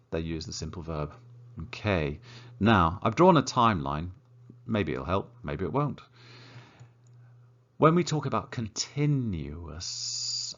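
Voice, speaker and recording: A man teaching an English grammar lesson, encouraging and lively, slowing down to model example sentences. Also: lowish voice, highs cut off.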